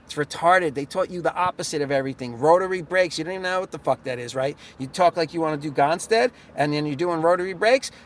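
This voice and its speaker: A young man delivers a swearing, sarcastic monologue to the camera. His voice sits somewhat high for a man, and he breaks into short laughs as he vents. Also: fast talker, hardly any pauses, slight background noise. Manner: profane, sarcastic, laughs between lines. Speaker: chiropractor. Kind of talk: ranting vlog monologue.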